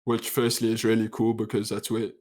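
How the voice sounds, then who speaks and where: A young man with a South African accent, co-hosting a podcast in relaxed, reflective chat and laughing easily. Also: on the low side, a little fast. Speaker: podcast co-host. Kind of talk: casual chat.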